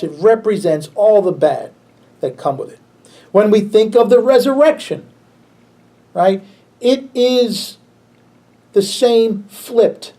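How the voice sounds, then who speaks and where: A pastor teaches a church Bible class in a loose, conversational way, breaking into chuckles and circling back over his words. He is a man with a fairly high voice that carries plenty of gravelly fry. His tone stays dark and mellow. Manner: relaxed, chuckles often, frequent restarts.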